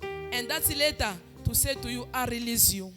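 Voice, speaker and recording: A woman's voice: fairly high pitch, moderate pace. Fervent female prophetess, sing-song prayers over heavy music. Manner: fervent, half-sung declarations. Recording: loud music behind.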